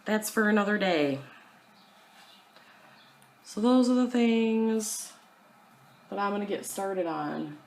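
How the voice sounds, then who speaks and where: A woman's voice: mid-range voice, slow pace, pauses often, poor audio. A young woman chatting casually at home to her camera about her cross-stitch plans, self-deprecating and full of fillers.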